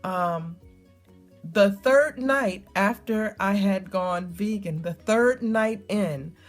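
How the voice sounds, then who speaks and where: A middle-aged woman talks straight to her viewers in a relaxed, storytelling way. She leans on emphatic repeats and scatters ums between thoughts. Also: mid-range voice, takes it slowly, soft background music. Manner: chatty, storytelling, emphatic repetition, frequent ums. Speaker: vlogger. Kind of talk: casual talk to camera.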